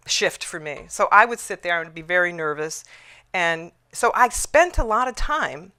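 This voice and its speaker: A middle-aged woman speaks at a conference in a bright, clear voice that sits a little low for a woman. She tells her story reflectively and thinks aloud, pausing and restarting as she goes. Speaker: conflict resolution speaker. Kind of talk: conference talk.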